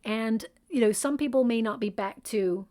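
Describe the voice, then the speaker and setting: Woman tarot reader, slightly high voice, soothing and reassuring, loose conversational delivery. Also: normal speed, mellow. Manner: soothing, reassuring, with frequent fillers and "okay?" check-ins. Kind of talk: spoken tarot reading.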